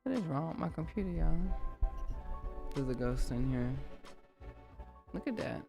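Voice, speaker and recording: This beatmaker has a low voice with vocal fry and speaks a little slowly. She hosts a music-production livestream, chatting in a lively, casual way and addressing viewers head-on.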